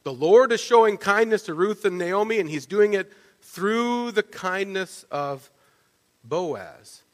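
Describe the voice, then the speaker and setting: A man preaching a sermon, telling the story in a lively way and often checking in with "right?". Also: high voice, takes it slowly. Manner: animated storytelling, with frequent restarts and "right?" asides. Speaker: pastor. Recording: long reverb of a large hall.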